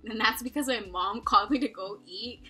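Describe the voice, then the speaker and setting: A woman's voice: on the high side, fairly quick, pushed and bright, husky, faint music behind. A young woman from Texas telling a story to camera in her dorm room, rambling and profane, with a constant "like" and frequent giggles. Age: young adult. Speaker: vlogger.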